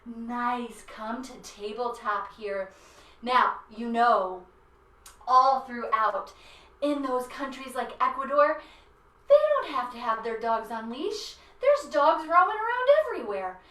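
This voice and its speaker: A woman's voice: on the high side, very animated, takes it slowly, bright, forceful tone. A woman guiding a children's yoga class in a playful, encouraging way. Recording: roomy echo, mic at a distance.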